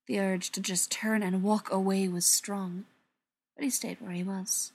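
A woman reads a novel aloud as an audiobook narrator. Her pitch sits in a comfortable middle range. She tells the story expressively, sometimes dropping to near-whispers. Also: level tone, measured pace, slightly rough. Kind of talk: scripted narration.

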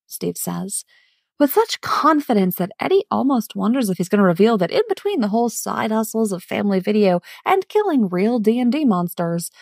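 A woman reading a fan story aloud in a gentle storytelling manner, smiling as she reads. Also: mid-range voice, very animated, moderate pace, creaky, no room sound, studio quality. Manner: gentle, warm storytelling with a smile in the voice. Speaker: fan fiction reader. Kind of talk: audiobook-style story narration.

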